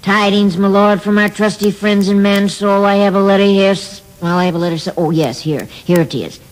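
A man's voice: sits high, fairly even intonation, a little fast, lightly acted, rough recording. A man voicing a flustered male demon messenger who stammers and fumbles.

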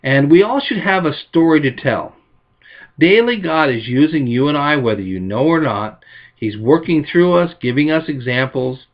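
A man preaching a sermon with a slightly high voice. He tells stories with lively emphasis and acts out the quotes. The recording is dull and lo-fi. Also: moderate pace. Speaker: pastor.

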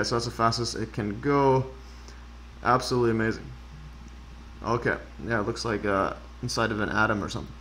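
A man's voice: medium pitch, a bit bright, a little hiss or hum. A man explaining a math problem in a casual screen-recorded lesson, thinking aloud with frequent fillers and self-corrections, and keen on the animation he shows. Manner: enthusiastic about the animation. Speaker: math tutor.

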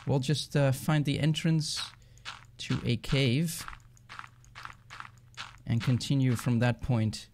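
Chatty Dutch-accented male gamer, mid-pitched, casual rambling commentary, faint hiss on the track. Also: slow pace, long pauses. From Netherlands. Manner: rambling, chatty, easily excited. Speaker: gaming channel host. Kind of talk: casual let's-play commentary.

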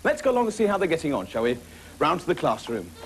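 A man hosting a children's puppet show, playing a brisk, jovial teacher who scolds his puppets. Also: on the high side, huge pitch swings, soft background music.

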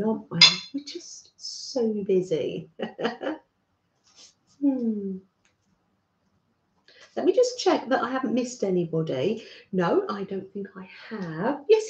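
A British woman hosting a live craft stream, chatting warmly with viewers by name and laughing softly. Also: mid-range voice. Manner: warm, chatty, talks to viewers by name, frequent soft laughs. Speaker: craft livestream host. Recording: roomy, slightly dull sound.

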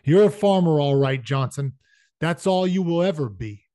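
A man doing a sharp commanding gunman. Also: on the high side, expressive, measured pace, dry recording, studio quality, pitched above the performer's own voice. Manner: sharp, clipped, taking charge. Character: sharp commanding frontier gunman, male adult.

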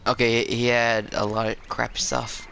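A man giving rambling, excitable live commentary over his own gameplay, swearing and laughing as he goes. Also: medium pitch, moderate pace, creaky, slight background noise. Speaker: gaming video creator.

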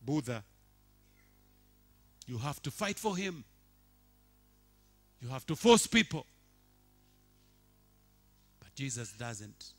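A man, preaching a sermon as a bishop in a church, animated and shifting between quiet and loud. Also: mid-range voice, takes it slowly, long pauses. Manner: animated, swings from quiet to shouting.

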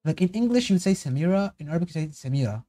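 A man's voice: high-pitched, racing, no room sound. A man streaming a casual reaction to game cards, rambling and correcting himself as he goes. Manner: rambling, self-correcting, excitable tangents.

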